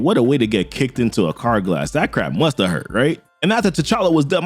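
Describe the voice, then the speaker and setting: A man casually recapping a comic issue, slangy and animated, laughing often. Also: high voice, dry recording. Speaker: comic book reviewer.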